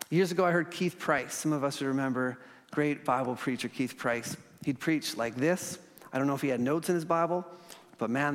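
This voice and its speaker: A man delivers a sermon in an earnest tone, stretching key words slowly and letting phrases fall soft. His voice sits a little high for a man. A long reverb trails his words through the hall. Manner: earnest, with slow emphatic pauses and sudden soft drops. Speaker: pastor.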